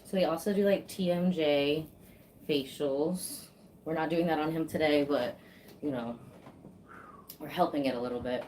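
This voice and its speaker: Low-voiced chatty woman giving a massage. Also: normal speed, pauses often, warm tone, a little hiss or hum. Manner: chatty, laughs easily, swears casually. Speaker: face sculpting practitioner. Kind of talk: casual chat while giving a massage.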